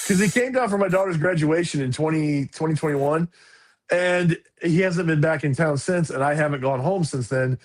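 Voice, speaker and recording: A middle-aged man co-hosting a podcast, telling a story in animated casual chat. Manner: animated storyteller, quick pitch jumps. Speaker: podcast co-host.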